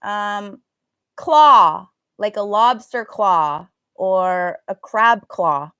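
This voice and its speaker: A woman's voice: mid-range voice, animated, drawn-out words, fairly bright tone, smooth, no room sound. A woman teaching a live online English pronunciation class, chatting casually and stretching out vowel sounds to demonstrate them.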